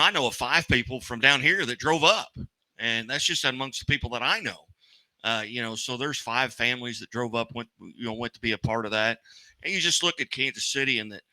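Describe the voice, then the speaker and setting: A man's voice: medium pitch, fairly quick, sharp tone, dry recording, rough recording. A man with a Missouri accent co-hosting a sports talk show, rambling in an easygoing way.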